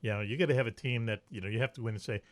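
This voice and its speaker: A man's voice: mid-range voice, very fast, dry recording. Rambling male podcast host, dry sound. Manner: rambling storyteller, chuckles often. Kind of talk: casual chat.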